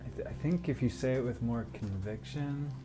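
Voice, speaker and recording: A player in a tabletop session talks eagerly, tripping over words as ideas come. The voice sits at a middle pitch, with music playing lightly behind. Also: fairly quick. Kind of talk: casual tabletop game chat.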